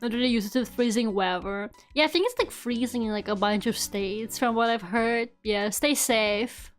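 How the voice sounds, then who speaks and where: It's casual livestream chat from a young woman VTuber whose pitch is fairly high and whose speed is normal. She laughs and swears occasionally, and game music can be faintly heard.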